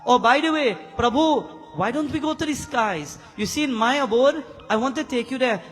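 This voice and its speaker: A man's voice: very high voice, animated, normal speed, a bit bright, pitched above the performer's own voice. A man voicing a playful, demanding male sage who teases and bargains. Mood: teasing. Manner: teasing, bargaining. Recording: reverberant hall with keyboard music.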